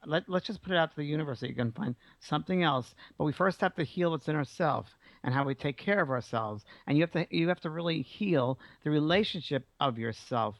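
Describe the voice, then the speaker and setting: Male radio medium, gravelly and warm, coaxing a caller through a reading; dull lo-fi broadcast sound. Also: on the high side, no room sound. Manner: warm, reassuring, relays messages from spirits. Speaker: psychic medium radio host. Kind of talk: call-in reading.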